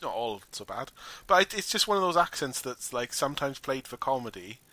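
A man casually discussing a film with a friend in a wry, animated way, swearing now and then. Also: medium pitch, fairly quick, no room sound. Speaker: podcast co-host.

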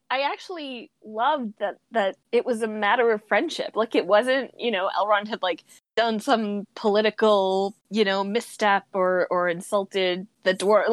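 A woman's voice: mid-range voice, no room sound. Chatty woman on a podcast. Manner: chatty, halting with fillers. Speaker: podcast co-host. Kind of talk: casual discussion.

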